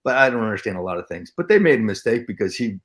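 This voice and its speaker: A man telling stories as an actor guest in an interview, excitable and full of restarts and acted-out quotes. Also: lowish voice, racing. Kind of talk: storytelling interview chat.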